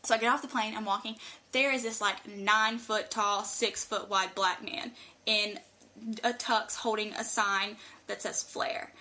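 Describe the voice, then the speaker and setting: A woman's voice: mid-range voice, fairly even intonation, measured pace, bright, forceful tone. A young woman with a North Carolina accent, a podcast guest telling long, rambling anecdotes in casual chat. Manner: outgoing, talkative, rambling anecdotes. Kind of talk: casual chat, animated storytelling.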